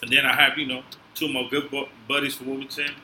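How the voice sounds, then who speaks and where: A man's voice: medium pitch, little pitch movement, quick pace, pushed and bright. A man, a podcast guest, telling his story in casual, emotional street slang. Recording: echoey room, faint noise.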